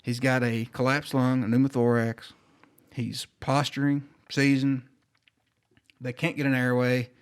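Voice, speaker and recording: A man tells a story on a podcast in a loose, casual way. His voice sits at an ordinary middle pitch. He keeps slipping into the voices of the people in his story. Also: a little slow, smooth. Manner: animated, acts out quoted dialogue.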